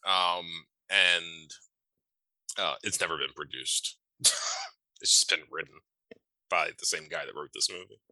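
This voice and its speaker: A man with a very low voice talks loosely on a podcast, piling up fillers and tossing in curse words. His tone is bright and edgy, and the sound is dry and close with almost no room echo. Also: unhurried, long pauses. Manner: rambling, filler-heavy, swears casually. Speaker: podcast co-host. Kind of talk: casual chat.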